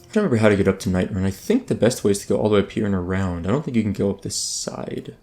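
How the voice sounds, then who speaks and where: Low-voiced man chatting over gameplay. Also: lively intonation, very fast. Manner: rambling, many ums and restarts. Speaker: gaming YouTuber. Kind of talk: casual let's play commentary. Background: soft background music.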